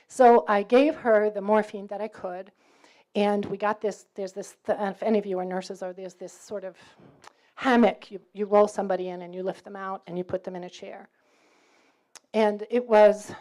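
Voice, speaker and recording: Telling students about her faith, a middle-aged New York woman keeps a trace of her largely faded accent. Medium-pitched and animated, this campus speaker slips into the voices of people in her story and laughs throughout.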